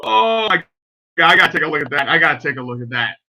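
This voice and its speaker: A man's voice: a little high, expressive, fast talker, pushed and bright, slight background noise. A man hosting a reaction video, rambling in casual commentary and often breaking off mid-sentence with exclamations.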